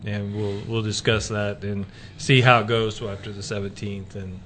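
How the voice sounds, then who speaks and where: A man's voice: fairly low pitch, little pitch movement, normal speed, a bit bright, a little hiss or hum. A man hosting a casual faith talk radio show, rambling with many fillers and restarts.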